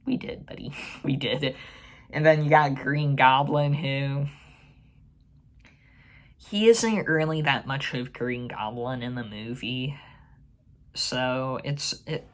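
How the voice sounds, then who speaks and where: A man's voice: medium pitch, takes it slowly, pauses often. A man hosting his own movie channel, giving a chatty, opinionated ranking to camera with fillers and restarts. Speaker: movie review channel host. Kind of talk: casual ranking commentary to camera.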